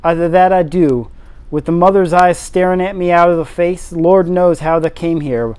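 A man voicing a gruff old Yorkshire gardener who speaks in broad dialect with a shaky, hoarse voice. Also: high-pitched, steady tone, moderate pace, darkish tone, lightly acted.

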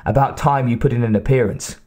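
A man's voice: mid-range voice, a little fast, a little mellow, close to an everyday voice. A man voicing a blustering, furious police captain who bellows and growls his orders, in an audiobook reading.

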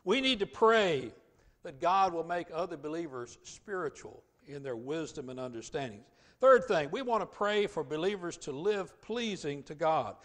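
A male pastor delivering a sermon with a fairly high voice. He drives his points hard, falling to soft, quick asides and then climbing back to loud, drawn-out emphasis. It sounds like a church service. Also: expressive. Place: church sanctuary.

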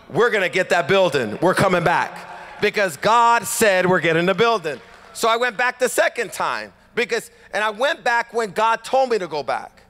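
Californian male pastor, high voice, lively storytelling sermon, reverberant church hall. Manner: animated, acts out dialogue, rhetorical calls to congregation. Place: church sanctuary.

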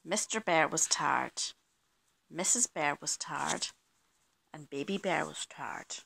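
Brief: woman storyteller, bright tone, unhurried and sing-song, voices the noises. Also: low voice, gravelly, slight background noise. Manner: slow, expressive storytelling with sound effects. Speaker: children's story reader. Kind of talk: reading a picture book aloud.

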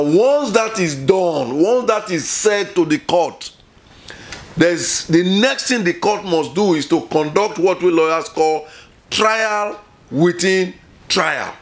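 Middle-aged man; lawyer giving an informal lesson, repeats himself for emphasis, corrects himself mid-sentence. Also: high-pitched. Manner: repetitive, emphatic, self-correcting. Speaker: lawyer explaining court procedure.

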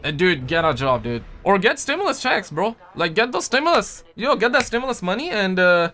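Very animated and brisk, this young livestream host has a high voice with a sharp edge. He jokes casually with his gaming audience, reading their messages aloud in loose slang full of "man" and "dude," as faint music plays behind him.

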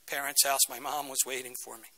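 A man's voice: medium pitch, little pitch movement, a little fast, noisy background. A middle-aged man from Philadelphia, speaking as a guest lecturer to students and telling a story with dramatic emphasis. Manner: dramatic, acts out quoted voices. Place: university lecture room.

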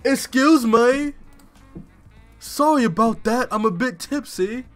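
A man voicing a tipsy, clumsy young woman in a deliberately bad posh British accent, in an airy, mock-polite falsetto. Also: faint music behind.

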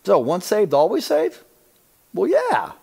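A man teaching on scripture in an animated preaching style. He talks emphatically, often asks his listeners whether they see his point, and drops to a hushed voice to stress a line. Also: sits high, slow, gravelly, slightly rough. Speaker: Bible teacher.

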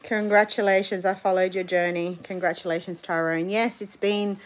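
A woman's voice: mid-range voice, steady tone, moderate pace. A woman hosting a family live stream, chatting casually and reading out viewer comments. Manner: chatty, reads viewer comments, laughs easily. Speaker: vlog host.

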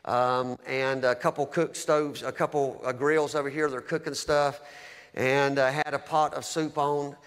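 A man's voice: medium pitch, little pitch movement, a little slow, fairly bright tone, smooth. Man preaching in a reverberant hall. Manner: emotional storytelling, rising to fervent prayer. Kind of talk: sermon testimony.

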